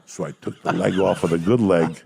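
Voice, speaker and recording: A man, a comedian on a podcast, telling profane stories in a loud, crude, rowdy way with a gravelly voice. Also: deep voice, steady tone, brisk. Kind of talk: profane storytelling.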